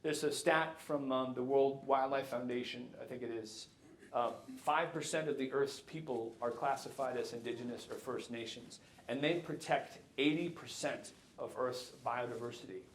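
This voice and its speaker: A man in his fifties giving a jokey, animated keynote talk to a live audience. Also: mid-range voice, moderate pace, a little hiss or hum. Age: 50s. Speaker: keynote speaker. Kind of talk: conference talk. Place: lecture hall. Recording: echoey hall.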